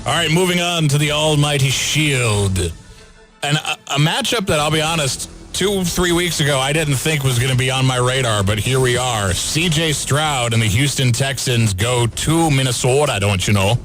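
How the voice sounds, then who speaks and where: A man hosting a casual sports radio show, briskly running through game picks and questioning his co-hosts. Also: mid-range voice, fairly bright tone, faint music behind. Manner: brisk, moves the segment along with quick questions.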